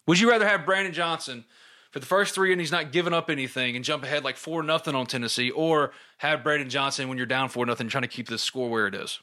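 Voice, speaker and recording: A man's voice: mid-range voice, fast talker, sharp tone. A middle-aged man hosting a podcast, chatting casually and reading listener questions aloud.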